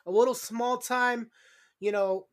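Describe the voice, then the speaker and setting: A man's voice: extremely high pitch, steady tone, unhurried, a bit bright. A man hosting a casual sports podcast, joking and rambling as he chats into his own microphone. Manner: jokey, rambling. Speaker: podcast host.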